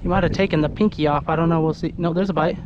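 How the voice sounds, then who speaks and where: A man from Idaho giving excited, chatty commentary to the camera while fishing from a kayak on a lake. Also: a little high, very fast, muffled recording, background noise. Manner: excitable, exclaiming, chatty with viewers. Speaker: fishing vlogger. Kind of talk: casual outdoor commentary to camera. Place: kayak on an open lake outdoors. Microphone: handheld camera.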